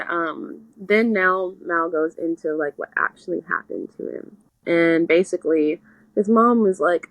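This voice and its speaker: A young woman with a fairly low voice, casually recapping a book on a podcast. She tells it in an animated way and slips into short character quotes. The sound is dry and close. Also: no echo, poor audio. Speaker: podcast co-host.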